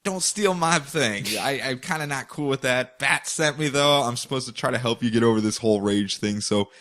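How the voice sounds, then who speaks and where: A man's voice: medium pitch, normal speed, a bit bright, lightly acted. Man voicing a cocky comic antihero: drawling, slangy, laid-back.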